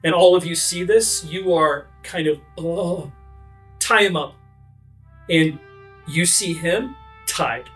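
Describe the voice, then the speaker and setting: A man's voice: on the high side, slow, pauses often, slightly rough, faint music behind. A man narrating vividly as game master of a tabletop game. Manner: vivid, energetic narration with frequent fillers.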